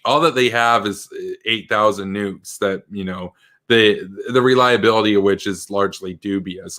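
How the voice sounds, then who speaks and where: Bright-voiced combative male political commentator. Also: on the low side. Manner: combative, emphatic, rhetorical questions.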